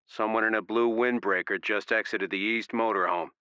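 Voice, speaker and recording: A man voicing a tense lookout who gives slow, clipped status reports. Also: on the low side, fairly even intonation, sharp tone, clean tone, no echo, muffled recording. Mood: tense reporting. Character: tense male lookout watching monitors.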